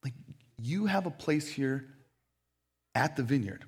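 A man's voice: mid-range voice, lively intonation, unhurried, husky. A man preaching a sermon as a pastor in a church, talking in a casual, conversational way with frequent fillers.

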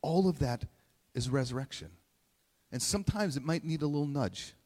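A pastor with a slightly high, somewhat mellow voice preaches animatedly at normal speed, his words echoing with long hall reverb. The sermon is conversational and emotional, occasionally near tears, punctuated by frequent "right?"s.

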